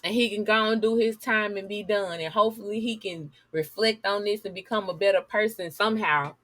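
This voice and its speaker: Woman vlogger, sassy and blunt, bright voice, dry close sound. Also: mid-range voice, fairly quick, no echo. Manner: sassy, blunt, talks straight to viewers. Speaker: news commentary vlogger. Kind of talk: casual commentary reading news articles aloud.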